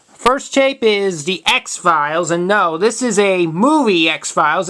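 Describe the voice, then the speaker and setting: A man in his twenties showing items from his collection in a casual vlog, talking in a halting, matter-of-fact way and often restarting words. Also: sits high, pushed and bright. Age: 20s. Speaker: video collector showing tapes. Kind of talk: casual show-and-tell vlog.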